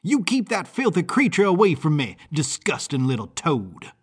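A man's voice: on the high side, very animated, normal speed, breathy edge, voice pushed up. A man voicing a disdainful woman tightrope walker who snaps with contempt, in a storybook reading. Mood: disgusted. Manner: snapping, contemptuous.

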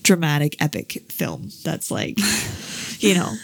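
A woman in her thirties with a lowish voice and a gravelly edge, talking casually. She tells a long personal story about her child, with plenty of fillers along the way. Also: sing-song, takes it slowly. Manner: chatty storytelling, many fillers. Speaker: parent. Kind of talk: casual chat.

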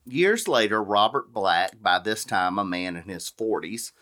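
A man co-hosting a podcast, telling a true-crime story in a slow, deliberate way with joking side remarks. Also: fairly low pitch, expressive, pushed and bright. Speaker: podcast co-host.

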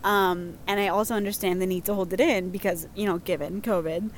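A woman's voice: mid-range voice, steady tone, fairly quick, a little hiss or hum. A young woman casually reading out listener stories, chatty and prone to giggling. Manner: giggly, chatty, lots of fillers. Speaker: host reading listener submissions. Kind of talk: casual chat.

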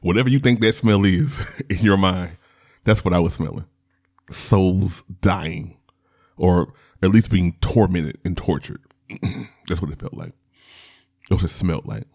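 Unhurried and given to long pauses, this podcast host speaks in a low, slightly mellow voice. He tells a personal story candidly and ramblingly, laughing and restarting along the way.

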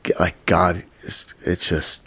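A young man in his twenties from Utah, telling his story as a podcast guest, acting out quotes with whispers and sudden high bursts. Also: flat delivery, slow, fairly bright tone, husky. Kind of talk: storytelling in casual interview.

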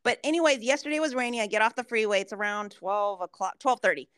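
A young woman co-hosting a podcast, telling a story in a profane, animated way. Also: fairly high pitch, quick pace, dry recording. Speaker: podcast co-host. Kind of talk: casual chat.

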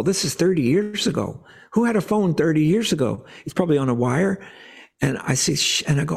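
An older American man on a video call, telling an animated story, acting out voices and sometimes dropping to a whisper. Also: on the high side, normal speed, creaky. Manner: animated, acts out dialogue, drops to whispers. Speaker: guest musician. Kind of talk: storytelling interview.

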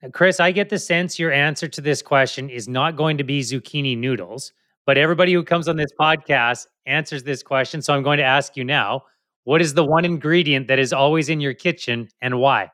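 Bright-voiced podcast host man. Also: mid-range voice, a little fast. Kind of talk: interview questions.

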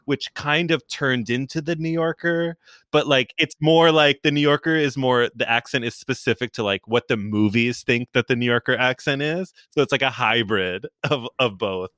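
Guest man, bright crisp tone, dry mic, rambling and laughing. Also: mid-range voice, moderate pace, dry recording. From New York. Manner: rambling, many restarts, laughs often. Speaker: guest, comedian. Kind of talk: casual podcast chat.

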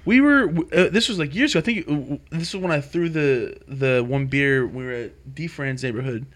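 A young man telling a story in casual chat, animated and full of swearing. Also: fairly high pitch, a little fast.

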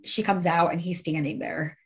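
A woman's voice: on the low side, fairly even intonation, normal speed, husky. A woman in casual conversation who tells a story emphatically, repeating phrases and swearing.

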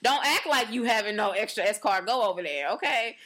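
Animated young woman telling stories. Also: mid-range voice, brisk. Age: young adult. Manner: animated storytelling, acts out quotes in varied voices; frequent fillers like "like" and "you know". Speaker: podcast co-host. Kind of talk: casual chat.

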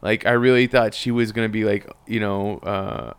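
A man's voice: fairly low pitch, fairly quick, smooth. A man co-hosting a casual podcast chat, talking in long rambling sentences with restarts and frequent laughs. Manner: rambling, self-correcting, laughs often. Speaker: podcast co-host.

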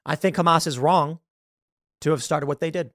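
A man's voice: on the high side, steady tone, moderate pace, a bit bright, no echo, studio quality. A man hosting a political commentary show, talking emphatically to viewers and posing rhetorical questions.

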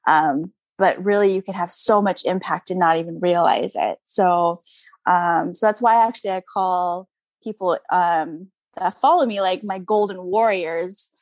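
Upbeat and chatty, a young adult crystal seller guests on a casual interview, laughing frequently and leaning on "like" and "you know." Her voice is fairly low and a little slow, recorded without echo.

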